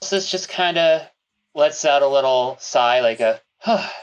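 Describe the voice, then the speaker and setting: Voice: medium pitch, unhurried, clean tone. A player in a tabletop game, describing their character's actions hesitantly. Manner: hesitant, narrating own actions. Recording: dull lo-fi sound.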